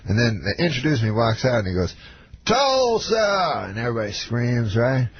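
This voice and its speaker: A man telling a long deadpan story as a radio guest, halting and rambling with many filler sounds. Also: medium pitch, breathy edge, no echo. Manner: rambling, halting storytelling with many uhs, does voices for quoted people. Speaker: comedian guest. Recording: muffled, faintly noisy radio recording.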